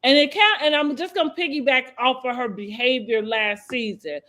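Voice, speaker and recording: Host, woman, high bright voice, casual chat, loose restarts. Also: moderate pace. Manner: talks in loose restarts, quotes people in a dropped voice. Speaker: podcast host. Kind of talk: casual chat about reality TV.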